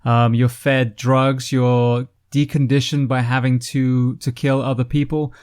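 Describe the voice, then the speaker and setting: Male podcast host, mid-pitched, earnest and emphatic, filler-heavy delivery. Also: level tone, a little slow, darkish tone. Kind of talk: podcast intro and interview.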